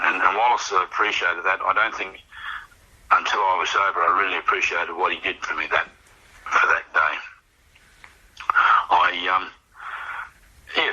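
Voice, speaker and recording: A man's voice: low voice, sharp tone, highs cut off. An older Australian man telling a personal recovery story in a rambling, reflective way, often repeating words as he goes. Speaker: guest sharing recovery story.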